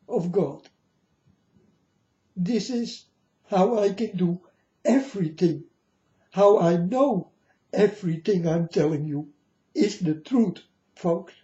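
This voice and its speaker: Male vlogger, earnest and preachy, slightly high voice, very slow delivery. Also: warm tone, muffled recording. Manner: earnest, solemn, repeatedly addresses listeners as folks. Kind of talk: emotional monologue to camera.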